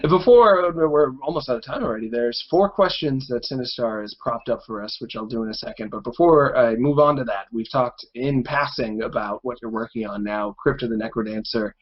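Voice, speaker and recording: A man's voice: mid-range voice, brisk, hardly any pauses, lo-fi sound. A man hosting a casual interview, eager and fanboyish about his guest. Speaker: podcast host.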